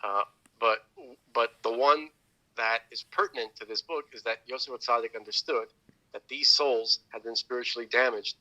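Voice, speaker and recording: A male podcast host with a strikingly bright, forceful tone. He explains religious ideas in casual conversation, rambling and restarting his sentences often. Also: medium pitch, moderate pace, dull audio.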